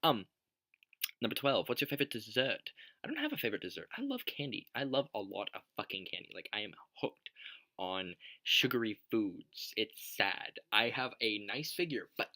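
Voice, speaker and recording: A man's voice: lowish voice, sing-song, normal speed, pushed and bright. Swearing young man rambling on a vlog. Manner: rambling, joking and swearing a lot. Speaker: vlogger. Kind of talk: casual question-tag vlog.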